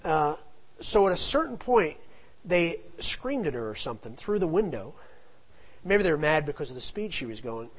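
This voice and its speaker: A man's voice: fairly high pitch, very animated, moderate pace, husky, low-quality recording. Rambling middle-aged man telling a story. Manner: rambling, digressive, with frequent asides. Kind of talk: casual anecdotal storytelling.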